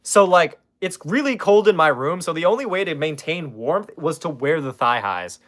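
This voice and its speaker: A man's voice: fairly high pitch, expressive, moderate pace, fairly bright tone. A man streaming from his room in casual chat, sarcastically roasting viewers and swearing freely.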